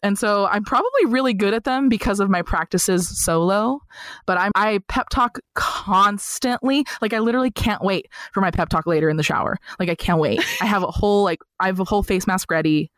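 A woman's voice: mid-range voice, fairly quick, dry recording, clean studio sound. Chatty woman guest, bubbly storyteller. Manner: chatty, animated storyteller full of "like" who slips into comic voices. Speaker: podcast guest. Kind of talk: casual interview chat.

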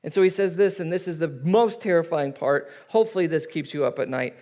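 High-voiced animated male pastor. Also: a little fast. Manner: animated storytelling, acting out voices. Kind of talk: sermon.

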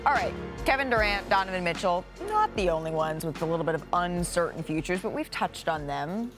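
A woman hosting a sports talk podcast, upbeat and brisk as she moderates a playful role-play segment. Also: lowish voice, lively intonation, over music. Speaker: podcast host.

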